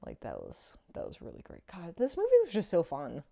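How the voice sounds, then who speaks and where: Woman, casual movie review, rambling, lots of fillers, laughs often, low warm voice. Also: wildly swooping pitch, brisk, gravelly.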